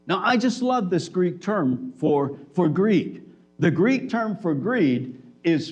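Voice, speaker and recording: A man's voice: sits high, sing-song, moderate pace, darkish tone, breathy edge, soft background music. A man preaching a sermon in a church, conversational, with acted-out dialogue. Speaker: pastor.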